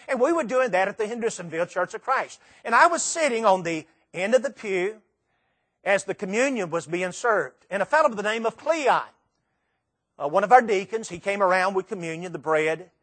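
A middle-aged man preaching a sermon, telling a story emphatically with repeated phrases and dramatic pauses. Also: high-pitched, fairly bright tone.

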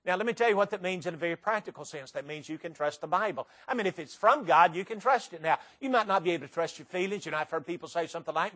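A man preaching a sermon, reciting poetry dramatically and firing rhetorical questions at the congregation, swinging from loud to soft. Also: sits high, expressive, quick pace, few pauses.

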